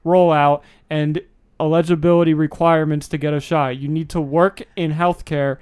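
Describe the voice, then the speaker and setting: A man's voice: on the high side, little pitch movement, moderate pace, a little mellow, clear, resonant tone. A man co-hosting a casual comedy podcast, reading news items aloud and laughing often between lines.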